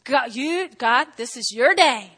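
A woman preaching a sermon in an animated way, often breaking off to ask "okay?" and acting out little scenes. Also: high voice, a little slow. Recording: long hall reverb.

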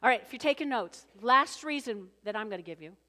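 A woman pastor delivers an animated sermon, her fairly high voice jumping between storytelling and playful asides to the congregation. She acts out the people in her story as she goes. The sound carries a long reverb from the church hall. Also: a little fast.

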